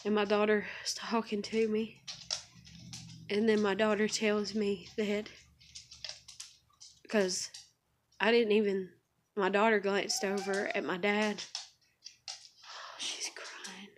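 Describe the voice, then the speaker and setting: A woman filming a personal vlog at home, talking softly and soothingly to her dogs between telling her story. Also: medium pitch, little pitch movement, slow, long pauses, a little hiss or hum. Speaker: vlogger. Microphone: handheld camera. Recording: dog panting and clicks in background.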